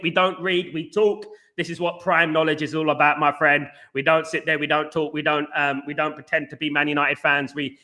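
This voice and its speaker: A male fan channel host reads out live chat on a stream, his voice high and bright. His banter is rapid, animated and casual.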